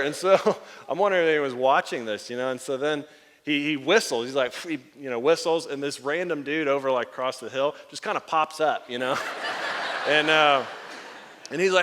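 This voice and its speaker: A man's voice: a little high, brisk. A man preaching a sermon, telling stories and acting out the voices of the people in them. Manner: animated storyteller acting out quoted voices, laughing. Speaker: pastor. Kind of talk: sermon with storytelling. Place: church sanctuary. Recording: long hall reverb.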